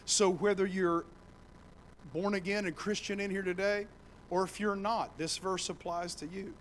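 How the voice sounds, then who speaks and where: A man preaching a sermon to his church, telling the story with animated voices and building to loud, shouting passages. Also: high-pitched, normal speed, a little hiss or hum, low-quality recording. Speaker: pastor. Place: church sanctuary.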